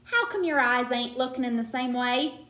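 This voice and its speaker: A woman's voice: on the high side, moderate pace, sharp tone, pitched above the performer's own voice. A woman reading aloud and voicing an eager, talkative country boy from Arkansas with a drawl. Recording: roomy echo.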